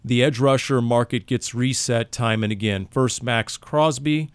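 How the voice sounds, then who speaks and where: A man hosting a casual sports podcast, running through a segment with wry, deadpan delivery. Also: mid-range voice, unhurried, clean tone, no echo. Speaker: podcast host.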